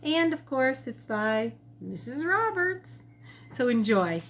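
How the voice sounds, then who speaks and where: A teacher reads her picture book to children from her kitchen in a high, bright voice. She takes it slowly and gently and leans into the storytelling. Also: slight background noise. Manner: gentle, slow and expressive storytelling. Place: home kitchen.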